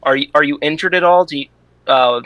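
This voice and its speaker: A man speaks as a player in a tabletop game, earnest and a little halting. His voice is bright and forceful, and the sound is dry and close. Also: on the high side, dry recording, lo-fi sound. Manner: earnest, hesitant, repeats words. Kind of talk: tabletop role-play.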